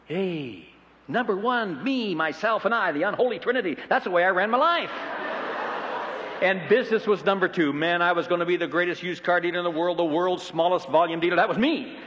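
A middle-aged man preaching a sermon in a folksy, animated, joking way. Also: high voice, brisk, big-room sound, lo-fi sound, background noise.

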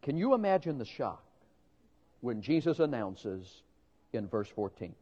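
A man's voice: mid-range voice, very animated, measured pace, pauses often, dark tone. A man preaching a sermon, emphatic and dramatic, asking rhetorical questions. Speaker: pastor. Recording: dull lo-fi recording with long hall reverb.

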